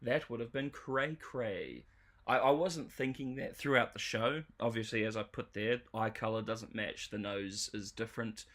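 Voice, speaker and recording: A man's voice: on the low side, fairly even intonation, moderate pace, fairly bright tone. A man reviewing a show on a livestream, ranting in an exasperated, sarcastic way. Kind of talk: livestream commentary.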